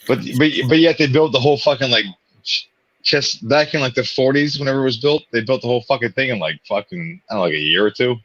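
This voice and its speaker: A man's voice: medium pitch, quick pace, fairly bright tone, no echo. A man co-hosting a live stream, laid-back in his chat, laughing often and swearing casually. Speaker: co-host of a live watch party stream. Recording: dull, muffled stream audio.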